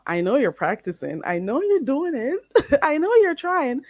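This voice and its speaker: A woman's voice: on the high side, animated, no room sound, clean studio sound. Playful woman live-stream host. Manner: playful and teasing, drawn-out slow demonstrations. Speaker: livestream host teaching phrases. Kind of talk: casual live-stream chat with viewers.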